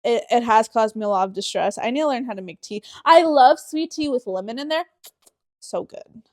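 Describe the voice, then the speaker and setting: A woman's voice: a little high, brisk, darkish tone, dry recording, studio quality. A woman from the Southern United States co-hosting a podcast, chatty and profane, rambling with frequent laughs. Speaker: podcast co-host. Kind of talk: casual podcast chat.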